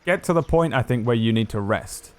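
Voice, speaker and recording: A man's voice: mid-range voice, lively intonation, a little fast. A man narrating as game master of a tabletop game, talking loosely with many fillers.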